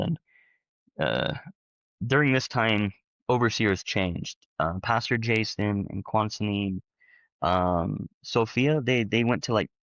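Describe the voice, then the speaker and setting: A man sharing his experiences in casual conversational storytelling, rambling and animated with lots of fillers. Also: fairly low pitch, no echo, muffled recording. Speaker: panel guest, former church member.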